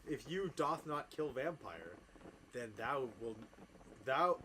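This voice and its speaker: Brief: man voicing a villainous wizard, hammy slow archaic delivery, medium pitch, noisy ambience. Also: sing-song, pushed and bright, exaggerated voice. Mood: mock-menacing. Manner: slow, overdone archaic pronouncements. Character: evil dark wizard man speaking mock old English.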